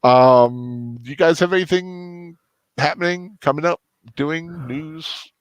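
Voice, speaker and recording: A man hosting a casual post-movie chat, rambling and halting with lots of restarts and fillers. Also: a little high, clean tone, dry recording. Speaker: host.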